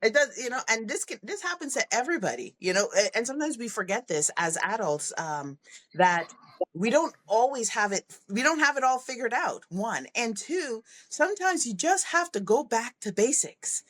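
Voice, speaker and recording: This podcast guest, a middle-aged leadership coach, has a slightly high voice and speaks at a normal pace in a conversational interview. She tells animated stories, imitates kids' voices, and laughs frequently.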